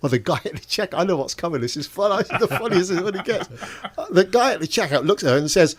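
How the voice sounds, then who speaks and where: A man's voice: a little high, quick pace, slightly rough. Older man telling stand-up jokes. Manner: deadpan, chuckles at his own punchlines. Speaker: stand-up comedian and show compere.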